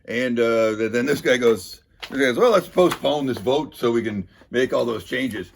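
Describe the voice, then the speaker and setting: A man giving a casual, sardonic recap of a city council meeting, deadpan and wry, with many filler words. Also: mid-range voice, moderate pace, creaky, slight background noise. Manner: wry, deadpan, lots of uh fillers, mocking quoted voices. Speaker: local video commentator.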